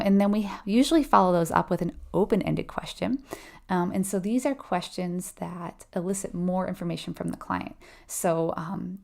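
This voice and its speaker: Gravelly-voiced woman teaching exam review. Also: medium pitch, a little mellow. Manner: conversational, explains step by step, asks the audience questions; laughs lightly while acting out client replies. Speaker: nursing exam review instructor. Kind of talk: live online exam review lesson.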